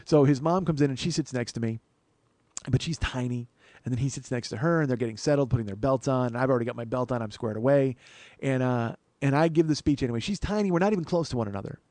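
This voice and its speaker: A man who is a comedian telling a story on his podcast, animated, profane and poking fun at himself. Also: medium pitch, fast talker, dry recording. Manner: animated, profane, self-mocking. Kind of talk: comic storytelling.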